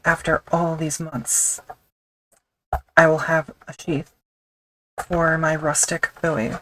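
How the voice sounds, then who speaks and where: A woman with a notably low voice gives an offhand, self-mocking commentary as she stitches leather. She murmurs half to herself between remarks, with a faint hiss of noise underneath. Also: fairly bright tone, rough recording. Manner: wry, mutters to herself as she works. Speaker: leatherworker streaming her craft. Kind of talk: casual running commentary while working.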